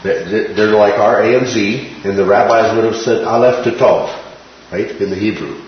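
Male Bible teacher with a low voice, explaining verses and checking in with "right?", in a boomy room with a dull, lo-fi sound. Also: moderate pace. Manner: explanatory, quotes scripture, checks in with "right?" and "okay?". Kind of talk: Bible study lesson. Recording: very echoey, dull room sound with faint hiss.

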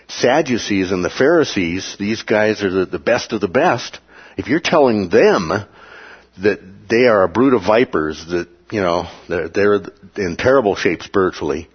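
A man leads a Bible class, his husky voice rising and falling across a wide, lively pitch range. He keeps checking in with his listeners and briefly acts out the voices he quotes. The recording sounds dull and lo-fi. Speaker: Bible study teacher.

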